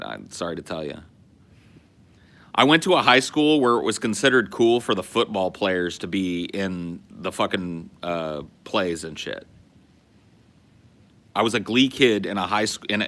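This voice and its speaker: The voice is fairly low and a bit bright: a Californian man in his forties hosting a podcast. In casual conversation he spins loose, profane stories and keeps restarting them.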